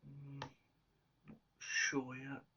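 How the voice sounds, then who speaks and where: A man solving a crossword aloud, musing slowly with half-whispered asides. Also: mid-range voice, completely flat delivery, pushed and bright, slightly rough, recorded from a distance. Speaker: crossword solver. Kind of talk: thinking aloud while solving. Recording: slightly dull lo-fi sound.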